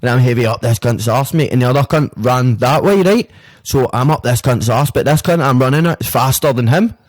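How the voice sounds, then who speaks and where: A man's voice: mid-range voice, a little fast. A man with a Glaswegian Scottish accent, a podcast guest telling a story in a rambling, slangy way full of swearing and fillers. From Scotland, Glasgow. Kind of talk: casual storytelling chat.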